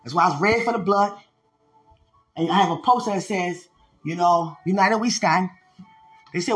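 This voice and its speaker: Excited preacher on a podcast, voice jumps all over, keeps laughing and saying "who wants some". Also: medium pitch, fairly quick, long pauses, faint music behind. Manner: excitable, laughs often, repeats phrases; uses slang and street talk. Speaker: evangelist podcast host.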